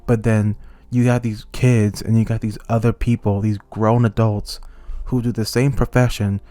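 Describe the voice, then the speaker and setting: A young man talking into a close mic as a YouTuber, ranting heatedly and swinging between angry outbursts and calmer stretches. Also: lowish voice, normal speed, no echo, faint music behind. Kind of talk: ranting commentary.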